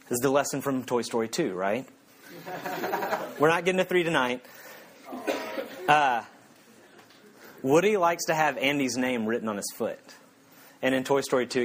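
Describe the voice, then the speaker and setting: A man's voice: mid-range voice, normal speed, pauses often, fairly bright tone, a little hiss or hum. Conversational, joking male preacher. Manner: conversational and joking, with sudden emphatic rises. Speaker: pastor. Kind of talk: sermon.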